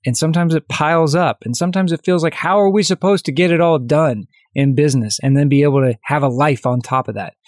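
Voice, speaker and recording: A man hosting his own coaching podcast, telling a story in a direct, energetic, conversational way. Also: fairly high pitch, fast talker, few pauses, no room sound, clean studio sound.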